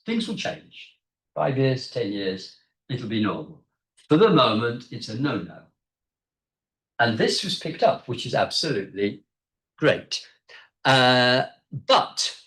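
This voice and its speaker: A man's voice: mid-range voice, a bit bright. A man giving an academic seminar talk as a guest lecturer, explaining in a conversational way with frequent hesitations, recorded in a seminar room. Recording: echoey room.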